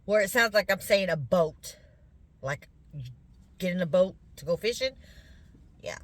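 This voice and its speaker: Southern lady vlogging, slow easy drawl, kinda congested, chatting to y'all. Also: lowish voice, animated, fairly bright tone, dry recording. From Louisiana, US. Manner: chatty, talks to viewers as y'all. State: congested, throaty from sinus drainage. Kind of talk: casual chat to viewers.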